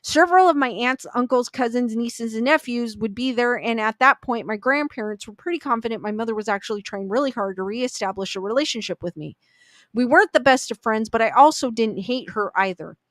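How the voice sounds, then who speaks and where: Woman reading creepy reddit stories out loud, kinda high voice, dry close sound, chatty asides. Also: brisk, no echo. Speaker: story reader. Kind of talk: reading online ghost stories aloud.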